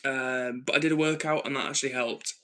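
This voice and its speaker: This livestream host, a man from the north of England, speaks at medium pitch with fairly even intonation, brisk and pushed with a bright edge, on a low-quality recording. Reading viewer messages in a casual stream, he's earnest and keeps restarting and umming as he thinks.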